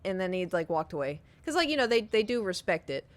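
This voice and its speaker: A young adult woman streamer tells her viewers a story in casual chat, animated and giggly, swearing casually. Her voice is fairly low and fast, and the recording is dry.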